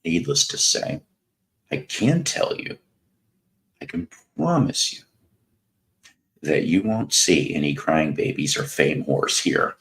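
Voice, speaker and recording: A man in his fifties with a Mid-South American accent and an extremely low, deep voice. He talks slowly and rambles through casual livestream chat with sardonic asides. He greets viewers by name as he goes. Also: very animated, a bit bright. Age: 50s. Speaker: livestream host.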